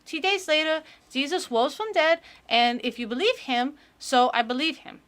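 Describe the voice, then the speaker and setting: A woman voicing an earnest little girl who reads a children's book aloud, in a sing-song, halting way with childlike slips. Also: high-pitched, a bit bright, voice pushed up.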